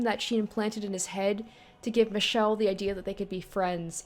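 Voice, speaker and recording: A woman's voice: mid-range voice, steady tone, a little fast. A woman casually reacting and thinking aloud while she plays through a story game, chatty and easily surprised. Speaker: let's play host.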